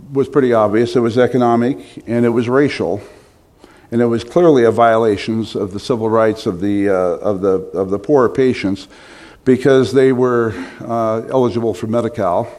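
A man's voice: mid-range voice, a little mellow. A middle-aged man preaching a sermon, telling stories with emphatic, rising stresses.

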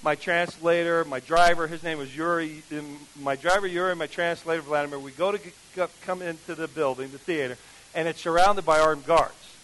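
A preacher with a notably high voice tells a story from the pulpit. He is animated and acts out each person he meets, turning the sermon into lively storytelling. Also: brisk, a little hiss or hum, low-quality recording.

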